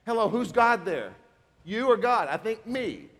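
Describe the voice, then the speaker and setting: A man preaching a sermon as a pastor, emphatic and animated, acting out bits of dialogue. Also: high voice, fairly quick. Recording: reverberant hall.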